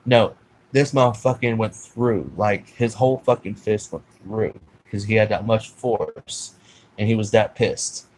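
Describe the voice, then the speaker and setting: A man's voice: fairly low pitch, a little slow, a little mellow, slight background noise, rough recording. A man telling a personal story in a rambling, profane way, full of fillers and restarts. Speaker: vlogger telling his life story.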